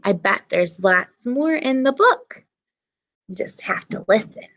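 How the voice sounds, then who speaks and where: A woman reading a children's story aloud, slowly and animatedly, stopping to point out rhyming words. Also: mid-range voice, lively intonation, a bit bright, dry recording, muffled recording. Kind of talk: children's read-aloud with interpretation.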